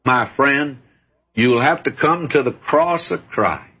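An older male preacher delivers a sermon in a folksy, earnest manner, leaning in to address his listeners as friend. His voice is husky and sits at an ordinary pitch. The recording is dull and lo-fi. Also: slow pace.

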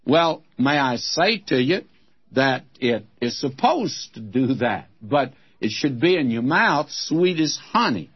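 A man's voice: medium pitch, very animated, slow, slightly rough. An older man teaching the Bible in a folksy, emphatic way, calling his listeners friends, on a dull old broadcast recording.

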